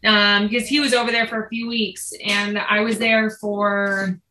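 A woman's voice: mid-range voice, normal speed, echoey room, rough recording. A woman telling a family story in a casual chat, acting out what people said. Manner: animated, quotes herself and others.

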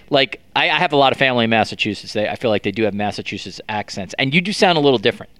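A man's voice: mid-range voice, animated, very fast, few pauses, fairly bright tone, smooth, no echo. A man hosting a podcast in casual chat, joking and self-deprecating with frequent restarts. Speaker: podcast host.

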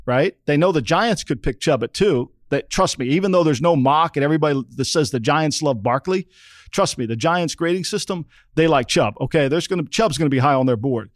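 With lively intonation and a fairly quick pace, a middle-aged man whose voice is on the high side co-hosts a football podcast in casual sports talk. Formerly in an NFL front office, he speaks emphatically, repeats himself, and says "okay?" often; the recording is dry, with clean studio sound.

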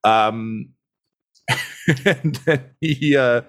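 A young man narrating a tabletop game as game master, halting with many ums and uhs. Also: mid-range voice, a bit bright.

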